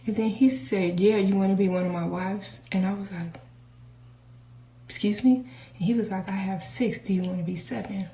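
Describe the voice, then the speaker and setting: A woman casually telling a personal story to her viewers, candid and animated as she acts out the dialogue. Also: medium pitch, a little fast, hardly any pauses. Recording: echoey room, faint noise.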